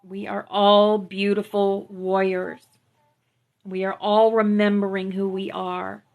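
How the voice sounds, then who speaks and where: A woman hosting a spiritual live stream, gently affirming her viewers and reading out teachings through a phone mic. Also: medium pitch, level tone, slow pace. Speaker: spiritual livestream host. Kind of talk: spiritual livestream talk to viewers.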